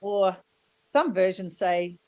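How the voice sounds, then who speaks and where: A woman preaching a sermon and telling stories gently, with warm asides to the congregation. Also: medium pitch, animated, slow, dry recording, poor audio.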